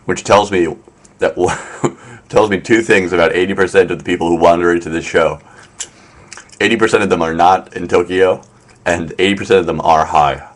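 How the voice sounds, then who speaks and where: A man's voice: sits low, fairly even intonation, normal speed. A man hosting a casual live stream from his room, rambling with lots of fillers and a wry tone. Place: apartment in Tokyo.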